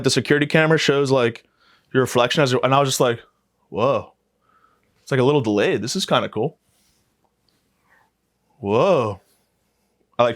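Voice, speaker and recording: A man in his twenties hosting a podcast, delivering a rambling, crude comedic monologue with a self-mocking deadpan. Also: mid-range voice. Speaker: podcast host.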